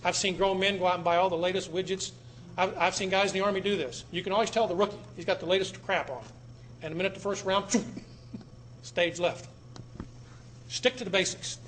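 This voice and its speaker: A man giving a public talk to a live audience in a room, emphatic, repeating words and swinging between loud and low. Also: fairly quick, slight background noise. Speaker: speaker addressing an audience.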